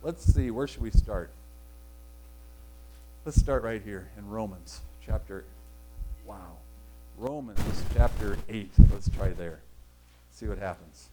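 A man's voice: fairly low pitch, slow, pauses often, background noise. A man preaching a sermon in a conversational, rambling way, often correcting himself mid-sentence. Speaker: pastor.

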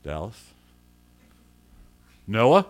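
A man's voice: on the low side, huge pitch swings, extremely slow. A middle-aged man preaching a sermon in a conversational way and calling on people in the congregation by name. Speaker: pastor.

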